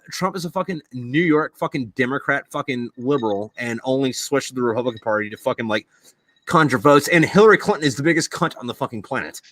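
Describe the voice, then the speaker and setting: Heated and foul-mouthed, an American host rants through casual talk on a video podcast recording, stammering and restarting often. His voice is mid-range with a fairly bright tone, recorded dry.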